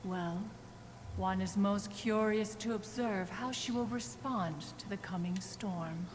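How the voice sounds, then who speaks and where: A woman's voice: mid-range voice, takes it slowly, lightly acted. An actress voicing a haughty female crane spirit in a video game, speaking formally and aloofly. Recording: game audio with reverb and noise.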